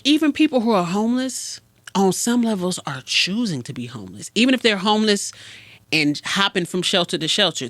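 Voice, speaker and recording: Lively, frank podcast therapist. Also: mid-range voice, no echo. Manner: frank, animated, acts out dialogues. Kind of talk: casual advice monologue.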